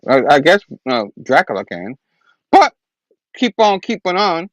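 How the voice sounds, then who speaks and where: A man's voice: a little high, sing-song, measured pace, no room sound, poor audio. A man hosting a casual comic book review, rambling and chatty. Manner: rambling, laughs often. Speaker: host.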